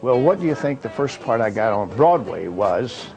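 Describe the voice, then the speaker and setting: A man's voice: medium pitch, sing-song, moderate pace, a little mellow, faint music behind. An older man from Kentucky, a retired actor, recalling his career in a rambling way with fillers and restarts. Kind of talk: reminiscing monologue.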